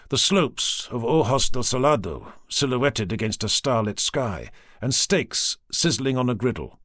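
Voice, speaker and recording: A man narrating an audiobook in a measured, expressive way from a studio booth. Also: mid-range voice, no echo. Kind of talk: scripted narration.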